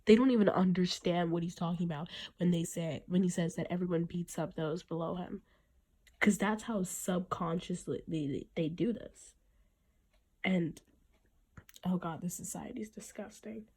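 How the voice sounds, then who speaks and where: Husky, mellow-voiced woman podcasting. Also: on the low side, moderate pace. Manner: earnest, reflective, many restarts. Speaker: podcast host. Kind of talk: casual podcast monologue.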